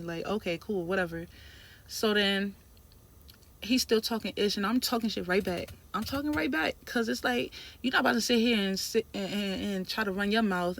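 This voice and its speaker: A woman telling a story in a casual vlog, animated and emphatic, with lots of slang. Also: medium pitch, normal speed. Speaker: trucking trainee telling a story.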